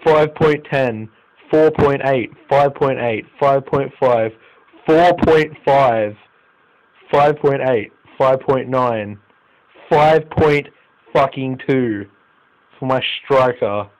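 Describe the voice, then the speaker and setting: A young man with an Australian accent giving live commentary on a football management game, swinging from low muttering to loud exclamations and swearing. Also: slow, muffled recording. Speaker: gaming YouTuber.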